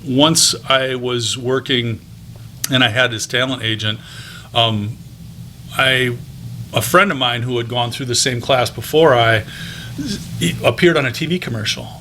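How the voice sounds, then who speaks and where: A man in his fifties, guesting on an interview show, casually recounts how he went from teaching into voice and on-camera acting. His mid-range voice is bright and forward, with fairly even intonation and an unhurried pace. He rambles in a friendly, anecdotal way full of ums and restarts, with slight background noise.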